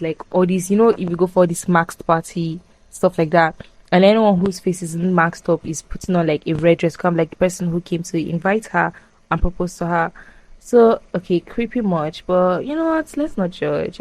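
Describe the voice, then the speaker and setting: A young woman casually retelling a film plot as a podcast host, animated and full of fillers. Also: on the low side, no echo, low-quality recording. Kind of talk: casual chat.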